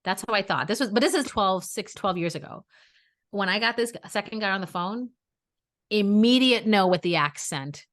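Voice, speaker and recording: A woman's voice: mid-range voice, lively intonation, moderate pace, fairly bright tone. NY woman, 30s, podcast co-host; storyteller who acts out quotes, mid-range voice. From New York area. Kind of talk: casual chat.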